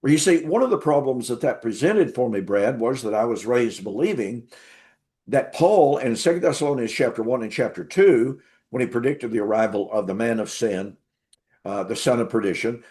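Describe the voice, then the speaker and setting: A man's voice: mid-range voice, lively intonation, moderate pace, warm tone. A man telling his story as an interview guest and Bible teacher, emphatic, repeating words for stress.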